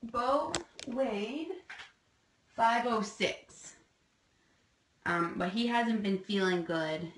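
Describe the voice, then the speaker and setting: A woman talks slowly and casually on a home livestream, narrating her foster kittens. She slips into soft, cooing baby talk with them, and her voice sits at an ordinary middle pitch. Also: a little hiss or hum, rough recording.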